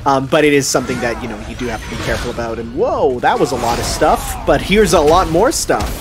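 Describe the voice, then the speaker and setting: A man's voice: medium pitch, animated, fast talker, over music. A man commenting on a friend's video game playthrough, playful, explaining things and cracking jokes. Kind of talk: casual gameplay commentary.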